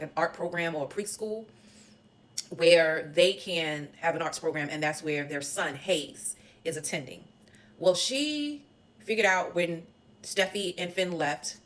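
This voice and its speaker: A woman's voice: on the low side, fairly bright tone, low-quality recording. A woman giving a chatty, opinionated recap of a soap opera and talking straight to her viewers. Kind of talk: casual recap commentary.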